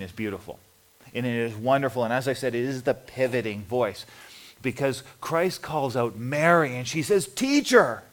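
A male pastor preaching an earnest funeral sermon, often dropping to soft, hushed phrases and at times crying out in a high voice. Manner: earnest, drops to soft low tones, sudden high cries.

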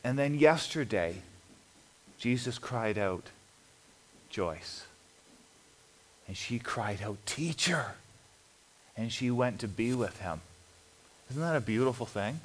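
Earnest low-voiced male pastor. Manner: earnest, drops to soft low tones, sudden high cries. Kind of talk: funeral sermon.

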